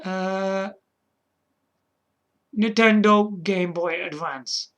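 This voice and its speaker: A man's voice: sits high, fairly even intonation, drawn-out words, a bit bright. A man hosting a gaming video in casual, rambling commentary, often checking in with the viewer and chuckling at himself. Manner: frequent restarts and chuckles.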